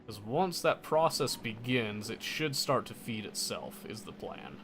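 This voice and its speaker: A man's voice: lowish voice, very animated, measured pace, background noise. A man casually commenting on his own gameplay, muttering to himself and correcting his mistakes as he goes. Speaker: gameplay streamer.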